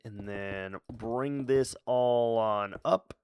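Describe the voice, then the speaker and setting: A man's voice: medium pitch, drawn-out words, a little mellow, a little hiss or hum. A man streaming a game, chatting casually with silly, playful asides and mutters. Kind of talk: casual gameplay commentary.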